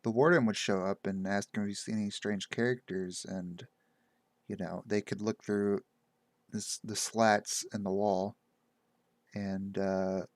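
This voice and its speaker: A man's voice: on the low side, steady tone, a little slow, dry recording. A man casually recounting a game session he ran as game master, in a meandering way full of fillers. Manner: meandering, loose, lots of "like" and "uh". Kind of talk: casual rambling monologue.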